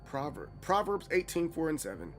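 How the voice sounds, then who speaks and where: A man in his thirties chatting casually on a gaming livestream, animated and playfully dramatic. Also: on the high side, normal speed, faint music behind. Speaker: streamer.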